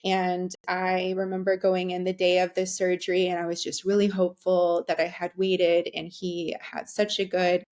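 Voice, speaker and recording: A woman's voice: on the low side, completely flat delivery, normal speed, few pauses, a little mellow. Candid woman telling a personal story. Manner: candid, frequent ums and restarts. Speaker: guest. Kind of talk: conversational storytelling.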